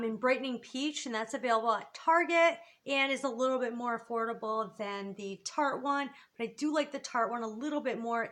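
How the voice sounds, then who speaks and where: A woman's voice: a little high, bright, forceful tone. A young woman reviewing her favorite beauty products in a vlog, gushing with enthusiasm. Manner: gushing, enthusiastic, lots of "so" and "just". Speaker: beauty vlogger.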